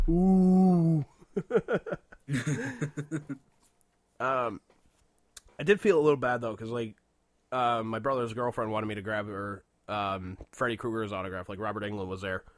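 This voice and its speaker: A man co-hosting a casual podcast, telling stories in an animated way with lots of swearing and laughter. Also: on the low side, normal speed, dry recording. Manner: animated storytelling, heavy swearing, frequent laughter. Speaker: podcast co-host. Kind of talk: casual chat.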